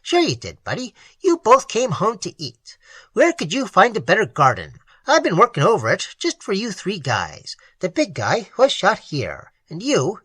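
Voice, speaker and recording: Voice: medium pitch, bright, forceful tone, breathy edge, no echo, pitched above the performer's own voice, exaggerated voice. A narrator voicing a mysterious male gardener figure who talks in a folksy, coaxing and sly way. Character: eerie otherworldly male gardener.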